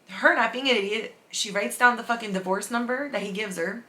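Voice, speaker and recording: Bright, animated woman telling a story. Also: a little high, fairly quick, few pauses. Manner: animated, profane, acts out the people in her story. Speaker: podcast host. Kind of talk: casual storytelling.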